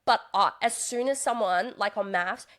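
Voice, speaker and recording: A woman's voice: medium pitch, normal speed. Chatty young woman. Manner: chatty, animated, mimics others in exaggerated voices. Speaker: podcast guest, reality TV contestant and stand-up comedian. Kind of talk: casual interview chat.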